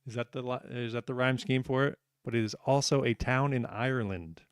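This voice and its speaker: A man's voice: medium pitch, steady tone, fairly quick, clean tone, no echo, clean studio sound. A man hosting a live trivia night, upbeat and joking, reading out questions and answers and teasing the players. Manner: upbeat, joking, self-deprecating.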